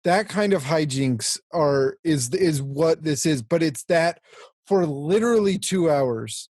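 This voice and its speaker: A man's voice: on the high side, expressive, takes it slowly, a little mellow, no room sound, studio quality. A man co-hosting a casual podcast, talking enthusiastically and quoting a film. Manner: enthusiastic, says dude, quotes movie lines. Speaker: podcast co-host. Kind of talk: casual chat.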